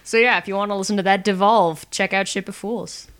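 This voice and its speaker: Playful quick-talking woman podcast guest. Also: medium pitch, fairly even intonation, a bit bright, clear, resonant tone. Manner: playful, quick, self-deprecating, laughs often. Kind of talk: casual podcast chat.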